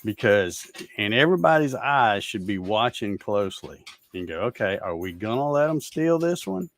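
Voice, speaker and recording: A man's voice: lowish voice, sing-song, moderate pace. Fed-up man ranting casually. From Georgia, USA. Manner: ranting, fed-up, sarcastic, laughs at comments. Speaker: show host reading viewer comments. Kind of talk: casual livestream chat.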